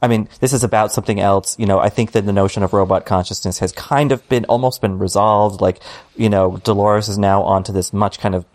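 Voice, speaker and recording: A man's voice: fairly low pitch, fairly even intonation, brisk, darkish tone. A man co-hosting a TV recap podcast, thoughtful and a little hesitant, with a dry sense of humor. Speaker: podcast co-host. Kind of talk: casual TV recap podcast chat.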